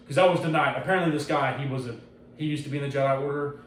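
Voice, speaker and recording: A man hosting a podcast, chatting casually in a loose, profane, animated way. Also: mid-range voice, rapid-fire, far from the mic. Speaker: podcast host. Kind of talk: casual chat. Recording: roomy echo, off-mic, faint ambience.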